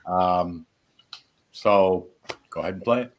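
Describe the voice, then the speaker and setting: A man presenting his own paranormal recordings on a talk show, in an animated way. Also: deep voice, takes it slowly, slight background noise. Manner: animated, talks through his own clips. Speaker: paranormal investigator guest. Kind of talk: casual chat.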